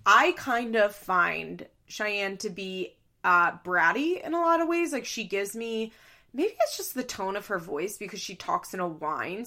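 A chatty woman talking through a reality show recap in a loose, casual way. She voices her opinions frankly and briefly mimics the people she quotes. Her pitch sits in the middle for a woman. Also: sharp tone. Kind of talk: casual chat.

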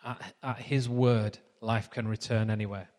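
A man's voice: on the low side, level tone, measured pace, darkish tone, in a large hall. A man preaching a sermon in a chatty, anecdotal storytelling manner.

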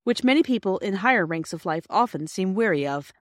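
A woman reads storybook narration with a measured, clear delivery. Her voice sits at an everyday middle pitch. The recording is dry with no room sound. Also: expressive, dry recording. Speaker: audiobook narrator.

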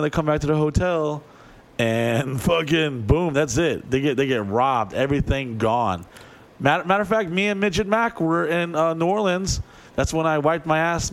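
A man with a fairly high voice trading crude, profane stories in casual chat. He tells them with gusto and slips into voices for the people he is quoting. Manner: profane storyteller who acts out voices. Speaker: touring performer.

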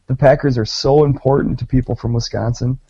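A man's voice: medium pitch, fairly even intonation, brisk, mellow, husky, dry recording, muffled recording. Gleeful, profane man. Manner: gleeful, profane mock-gloating. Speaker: podcast co-host. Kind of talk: casual chat.

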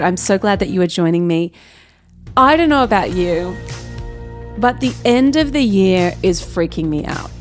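A woman hosting her own business podcast. She talks casually and candidly, with quick asides and self-corrections. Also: medium pitch, animated, darkish tone, soft background music. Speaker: podcast host. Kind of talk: casual solo podcast talk.

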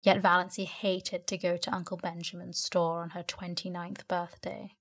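A woman narrating a classic novel as a bedtime sleep story, in an even storytelling manner. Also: on the low side, normal speed. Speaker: audiobook narrator.

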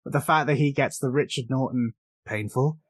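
A man from England in a casual film podcast, enthusiastic and quick to laugh. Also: medium pitch, no echo, studio quality. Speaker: podcast co-host.

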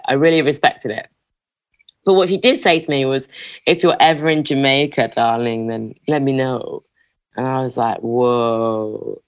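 A woman chatting casually as a guest, telling animated stories and laughing often. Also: extremely low pitch, no echo, highs cut off. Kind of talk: casual chat.

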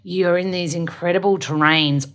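A woman with a low voice hosts a podcast in casual chat. She talks in a gushing, rambling way that is full of filler words. Her questions wander off on tangents. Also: steady tone, moderate pace. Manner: effusive, rambling with many likes. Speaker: podcast host.

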